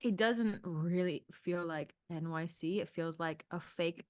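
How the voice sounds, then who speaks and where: Lowish-voiced thoughtful woman guest. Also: measured pace, no echo, clean studio sound. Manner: thoughtful, trailing off into questions. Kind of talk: casual film discussion.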